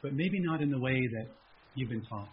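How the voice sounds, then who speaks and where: A man preaching a sermon as pastor at a church service, animated, with a raised pleading voice when he acts out prayers. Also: mid-range voice, a little fast, highs cut off, a little hiss or hum.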